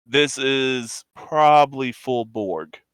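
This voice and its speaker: A man's voice: medium pitch, slow, a bit bright, smooth, dry recording. A man narrating a tabletop game as game master, describing scenes in a rambling, descriptive way.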